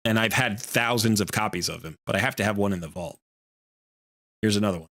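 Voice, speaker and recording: A man's voice: lowish voice, fairly quick, fairly bright tone, no room sound. A man hosting a live game stream, chatting casually and rambling with lots of fillers. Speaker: streamer host.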